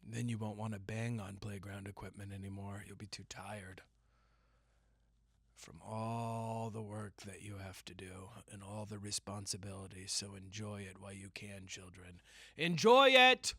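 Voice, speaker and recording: A man's voice: lowish voice, level tone, normal speed, creaky, slightly rough, no room sound. Rambling jokey man hosting a podcast. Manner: rambling, jokey storytelling with sudden loud yelps. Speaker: podcast host. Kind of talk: casual solo podcast rant.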